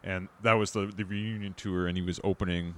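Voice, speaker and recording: Deep-voiced man rambling casually. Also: fairly even intonation, a little hiss or hum. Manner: rambling, halting, with many "like"s. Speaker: podcast co-host. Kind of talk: casual music discussion.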